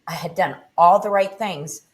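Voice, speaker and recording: A middle-aged woman, a podcast guest, telling her personal story with intensity and frequent swearing. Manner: intense, swearing, low and deliberate.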